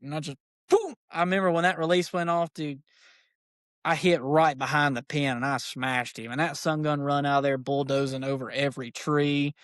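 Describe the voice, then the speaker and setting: A man, a podcast guest, tells a story in casual, excited, rambling speech, full of fillers like "dude". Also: on the high side, dry recording, studio quality. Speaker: podcast guest, archery shop owner.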